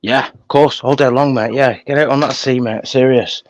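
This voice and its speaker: A man's voice: medium pitch, fairly even intonation, moderate pace, lo-fi sound, background noise. A man chatting casually on a livestream, laughing often and telling stories. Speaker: livestream co-host exploring.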